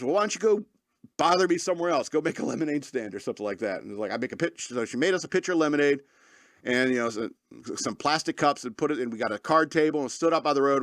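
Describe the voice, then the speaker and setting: A man's voice: mid-range voice, fairly bright tone, no room sound, studio quality. A man in his forties hosting his own podcast, telling a rambling comedic story with frequent laughs and mock-angry outbursts. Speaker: podcast host. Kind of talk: casual comedic monologue.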